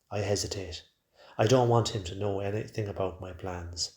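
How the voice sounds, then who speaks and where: A man narrating a first-person story in a quiet, measured way. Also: deep voice, steady tone. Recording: roomy echo.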